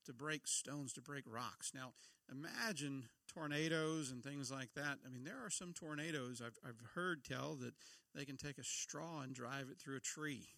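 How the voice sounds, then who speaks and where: A man's voice: a little high, vocal fry, pushed and bright, no echo. A middle-aged man giving a conversational sermon, often asking his listeners questions. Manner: conversational, asks the audience questions. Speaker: pastor.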